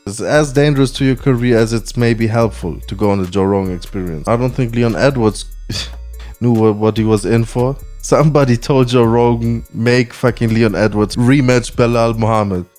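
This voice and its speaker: A man's voice: mid-range voice, moderate pace, darkish tone, soft background music. A man hosting a podcast in casual chat, rambling and slangy with frequent swearing. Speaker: podcast host.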